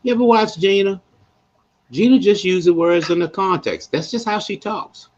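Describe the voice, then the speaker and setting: A man hosting a live podcast, talking in a playful, animated way with lots of asides to his listeners. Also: sits high, moderate pace, dull audio. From West Baltimore, USA. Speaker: podcast host.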